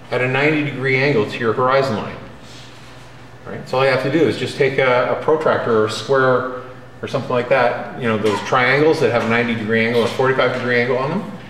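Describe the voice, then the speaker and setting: Here a man lectures his drawing students in a direct, emphatic manner, checking in with them often. The voice is medium-pitched and fairly bright, recorded with slight background noise in a roomy classroom with faint ambience.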